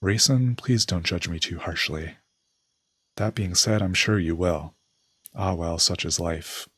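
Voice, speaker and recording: A man's voice: sits low, measured pace, fairly bright tone, slightly rough, no room sound, studio quality, exaggerated voice. A man reading as a sly raven king. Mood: scheming.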